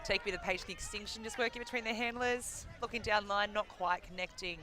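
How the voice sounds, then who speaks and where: A man giving wry, measured play-by-play commentary on a live game. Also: high voice, steady tone, crowd noise. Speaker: sports commentator.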